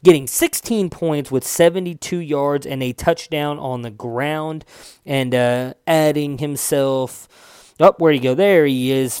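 A man's voice: mid-range voice, darkish tone, clear, resonant tone, dry recording, studio quality. A man giving a loose, chatty solo recap of fantasy football results, swearing now and then and correcting himself as he goes.

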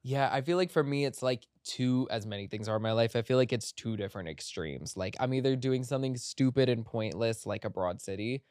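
Rambling low-voiced podcast host. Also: brisk, hardly any pauses, darkish tone, dry recording, studio quality. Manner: rambling, heavy "like" fillers, playful. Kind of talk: casual chat. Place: podcast studio.

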